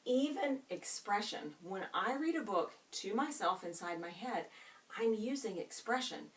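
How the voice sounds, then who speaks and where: In this distant recording from an in-room camera, a mid-range female teacher leads students through a reading lesson. She elongates key words and asks them questions, her manner expressive and drawn out.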